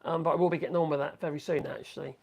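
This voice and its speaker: A man's voice: a little high, steady tone, rapid-fire, vocal fry. A man talks casually through a woodworking live stream. He rambles, stops to correct himself, and hums little tunes between thoughts. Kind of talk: casual live-stream chat while working.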